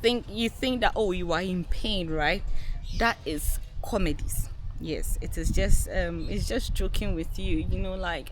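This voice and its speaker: A young woman vlogger telling a personal story to her viewers in a casual, animated way, laughing often and acting out what people said. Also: lowish voice, a little slow. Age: young adult. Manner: animated, laughing, acts out quotes.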